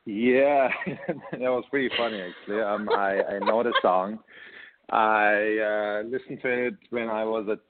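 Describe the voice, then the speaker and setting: A man's voice: fairly low pitch, fairly even intonation, unhurried, very noisy. Hesitant man on a tinny line. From Germany. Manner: hesitant, many ums, soft laughs. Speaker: fitness and yoga coach. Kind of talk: guest in casual chat.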